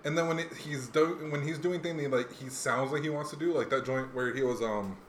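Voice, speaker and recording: A man's voice: medium pitch, fairly quick, slight background noise. A man chatting casually about rap music, rambling with many fillers and restarts. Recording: echoey room.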